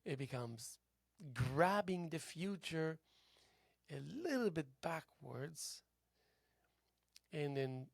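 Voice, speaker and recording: A tired man hosting a local TV show, musing aloud in a halting philosophical monologue that drifts into soft whispers. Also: fairly high pitch, lively intonation, vocal fry, no room sound. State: tired, yawning. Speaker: host. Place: local cable TV studio.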